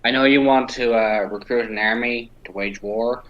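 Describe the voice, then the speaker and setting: Regular-pitched guy, stammers a lot, earnest, faint clicks in the background. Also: fairly even intonation, normal speed, muffled recording, a little hiss or hum. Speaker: player. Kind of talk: in-character tabletop play.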